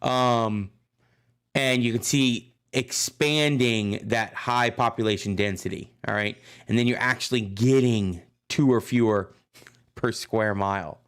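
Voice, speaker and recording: A man's voice: medium pitch, unhurried, a bit bright, smooth. A man teaching a casual history lesson, talking loosely and often checking in with his students. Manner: chatty, loose, checks in with "right?". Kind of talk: casual classroom lecture.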